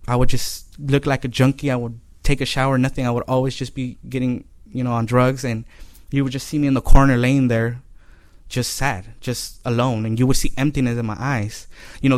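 A man giving an emotional personal testimony, earnest and halting, often repeating his phrases. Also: mid-range voice, no room sound.

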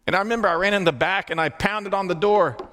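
A middle-aged man preaching by telling his own testimony, earnest and hushed at tender moments, rising with excitement. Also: high voice, moderate pace. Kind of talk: sermon storytelling.

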